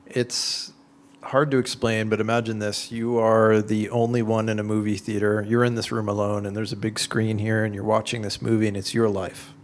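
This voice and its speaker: A man answering audience questions in an informal talk, explaining his ideas through conversational, animated everyday examples with lots of "like"s. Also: on the low side, normal speed. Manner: conversational, animated storytelling with many "like"s.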